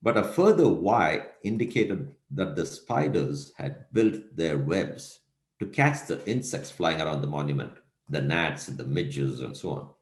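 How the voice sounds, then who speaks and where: A man's voice: rumbling low, animated, a little slow. A man giving a recorded lecture, telling a story and asking the audience rhetorical questions. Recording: echoey room.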